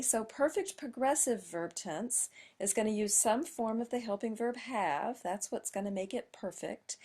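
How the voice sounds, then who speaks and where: A woman's voice: lowish voice, darkish tone, breathy edge. A woman teacher patiently explaining grammar step by step in a lesson, with emphatic stresses.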